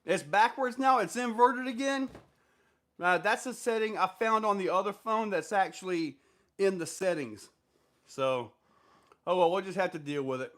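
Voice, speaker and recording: A man's voice: sits high, normal speed, fairly bright tone. A man hosting a casual live stream, reading viewer comments aloud and answering them in a loose, rambling way with lots of fillers. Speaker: livestream host answering viewer questions.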